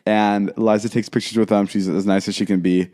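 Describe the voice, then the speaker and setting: A man's voice: lowish voice, flat delivery, fairly quick, warm tone. A young man co-hosting a podcast, telling a long story in casual chat, rambling and animatedly quoting the people in it. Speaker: podcast co-host.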